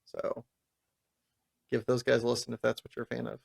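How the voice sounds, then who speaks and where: A man's voice: medium pitch, monotone, fairly quick, creaky. A man co-hosting a podcast, casual and laid-back, swearing and laughing often. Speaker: podcast co-host. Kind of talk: casual chat.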